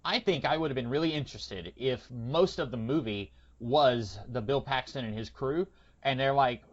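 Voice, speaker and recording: Brief: male podcast host, mid-pitched, rambling and opinionated, slightly dull lo-fi audio. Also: moderate pace. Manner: rambling, opinionated, frequent hesitations. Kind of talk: casual movie discussion.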